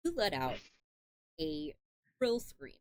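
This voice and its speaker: A woman's voice: deep voice, big pitch swings, takes it slowly, no echo. A woman narrating a tabletop game as game master, urgent and vivid.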